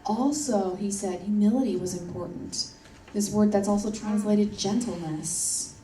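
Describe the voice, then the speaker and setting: A woman's voice: mid-range voice, unhurried, warm tone, slight background noise. A woman preaching a sermon in an earnest, emphatic way, repeating her key points. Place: church hall. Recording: roomy church audio from a distance.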